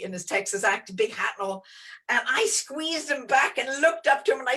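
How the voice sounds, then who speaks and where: A middle-aged woman speaking as an interview guest, earnest and expansive, often pausing and restarting her sentences. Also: a little high, steady tone, pushed and bright. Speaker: guest, entrepreneur and geologist. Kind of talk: conversational interview answers.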